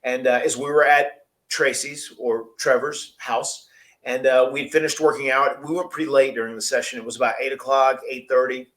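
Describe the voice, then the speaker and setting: A man's voice: medium pitch, steady tone, moderate pace, a bit bright. A man hosting a podcast, telling a long story casually, rambling and laughing often. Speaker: podcast host.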